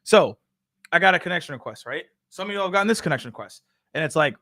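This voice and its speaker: A young man hosting a live sales Q&A stream, energetic and playful, talking straight to his audience. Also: fairly high pitch, fast talker. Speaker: show host.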